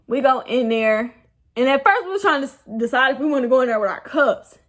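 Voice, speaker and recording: A woman's voice: high-pitched, fairly quick. Chatty young woman telling a wild storytime. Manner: animated, rambling, laughs at herself. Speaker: vlogger. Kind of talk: casual storytime.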